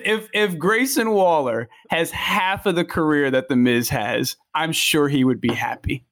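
A man co-hosting a podcast, arguing wrestling points in an incredulous way, often restarting his sentences. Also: sits high. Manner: animated, incredulous, stammering restarts. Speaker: podcast co-host. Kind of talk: casual wrestling chat.

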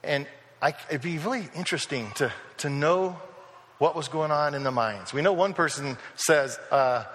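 Male pastor, fairly high and forceful voice, chatty sermon storyteller, church hall reverb. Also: normal speed, slight background noise. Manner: conversational storytelling, acting out quoted voices.

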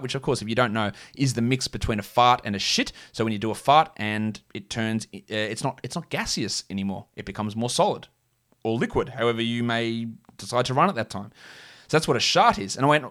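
A man's voice: mid-range voice, brisk, a bit bright. An Australian man hosting a podcast, chatting casually and joking as he thinks aloud, with plenty of fillers. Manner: rambling, jokey, thinks aloud with many fillers. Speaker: podcast host. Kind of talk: casual solo podcast chat.

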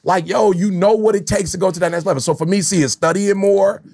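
A middle-aged man speaks with a high, gravelly voice. He tells stories in an animated, slangy way in a casual podcast chat. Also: fast. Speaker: podcast host.

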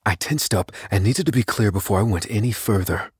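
An actor playing an unassuming man, narrating his own story in the first person in an audio drama, measured and wary. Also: lowish voice, animated, a little mellow, slightly rough, dry recording, studio quality. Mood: steady.

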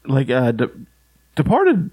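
Brief: easygoing man, casual swearing podcast chat, animated intonation. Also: medium pitch, slow, breathy edge, no room sound. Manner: laid-back, swears freely, laughs often.

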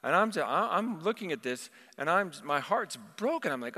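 A man's voice: on the high side, very animated, normal speed, bright, forceful tone. A man preaching a sermon, telling a personal vision story and quoting scripture with passion. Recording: long hall reverb.

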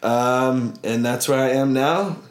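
A man's voice: mid-range voice, takes it slowly. Laid-back young man in an echoey room. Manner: laid-back, joking, swears casually. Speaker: guest, footballer. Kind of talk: casual chat.

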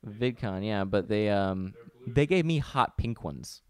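A man's voice: on the low side, expressive, measured pace, darkish tone, clean tone. A man co-hosting a podcast in casual chat, laid-back, with dry teasing humor. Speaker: podcast co-host.

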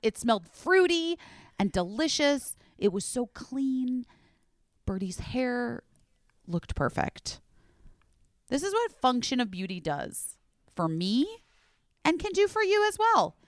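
A bubbly, chatty woman hosting a podcast and reading ads with plenty of enthusiasm. Her voice is smooth and clear, recorded close and dry. At times she drops down low and quiet to make a point land. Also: big pitch swings, slow pace, pauses often, no echo. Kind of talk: casual chat ad read.

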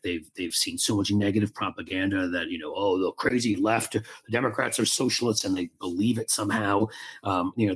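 A man co-hosting a podcast, speaking in a measured, reflective way and hedging his claims. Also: lowish voice, breathy edge. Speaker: podcast co-host. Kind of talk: casual political chat.

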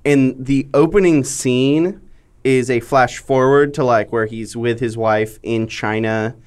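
Smooth-voiced man telling a story. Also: mid-range voice, fairly even intonation, a little slow. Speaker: podcast co-host. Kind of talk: casual movie chat.

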